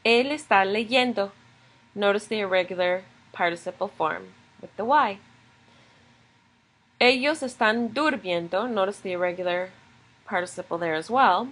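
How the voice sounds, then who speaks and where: A woman's voice: medium pitch, normal speed, fairly bright tone, husky, poor audio. Patient woman teaching a grammar lesson. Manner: patient, explaining step by step. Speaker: Spanish teacher. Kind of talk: recorded video lesson.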